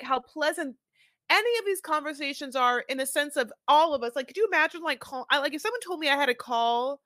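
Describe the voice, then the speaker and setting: A woman's voice: high-pitched, bright, forceful tone, no echo. A woman co-hosting a podcast in casual chat, rambling with lots of filler words and acting out quotes. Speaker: podcast co-host.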